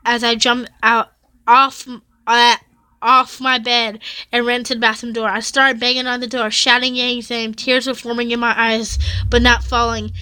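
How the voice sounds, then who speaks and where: A woman's voice: a little high, little pitch movement, moderate pace, sharp tone, smooth, no echo. A woman YouTuber reading fan fiction aloud, stumbling over and correcting the words and breaking off to react with dramatic exclamations. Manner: stumbles and corrects herself often.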